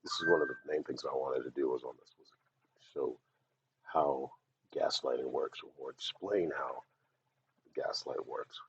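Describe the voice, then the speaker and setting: A man's voice: extremely low pitch, measured pace, slight background noise. A man talking in a rambling, blunt monologue, swearing often as he vents. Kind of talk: casual ranting monologue. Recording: dull lo-fi recording.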